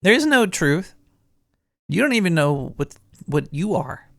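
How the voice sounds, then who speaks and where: A jittery, paranoid sewer rat hosting his own late-night call-in show, as a man puts on the voice. His mid-pitched voice is gravelly with a creaky edge, and he rambles and restarts his sentences. The sound is dry and close, with no room around it. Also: very animated, a little slow, a bit bright, no echo, heavily acted. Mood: rambling. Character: paranoid male cartoon sewer rat host. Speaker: radio show host.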